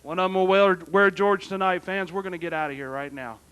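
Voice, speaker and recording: A man announcing for a local wrestling show, with brisk patter and repeated questions. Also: sits high, noisy background.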